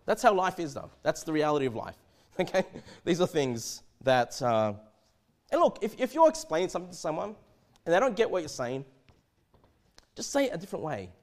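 Male preacher, higher-pitched, very lively delivery, stammering restarts, sermon. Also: brisk. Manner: animated, repeats and restarts words. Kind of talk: expository sermon.

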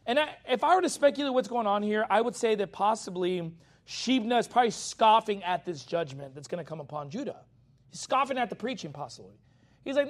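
A man with a notably high-pitched voice delivers a verse-by-verse sermon as a pastor. His talk stays casual, with frequent "okay?" check-ins. When he reads scripture, he slows down and lifts his voice. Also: animated. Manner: conversational, often checks in with the congregation; reads scripture in a slower, raised voice. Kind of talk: expository sermon.

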